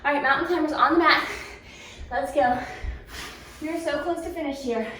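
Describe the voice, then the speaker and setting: A woman's voice: high-pitched, moderate pace, fairly bright tone. A woman leading a follow-along home workout, cueing moves, counting down and encouraging, a little out of breath at times. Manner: encouraging cues with counting and laughs. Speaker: fitness instructor. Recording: very echoey room, distant mic, faint noise.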